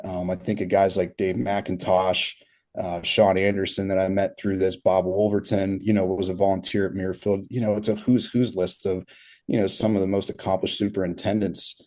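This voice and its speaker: Here a thirtysomething turf consultant talks as a podcast guest, his voice sitting low with little pitch movement, a darkish tone and normal speed. His casual interview storytelling rambles, leans on fillers and breaks often into laughs.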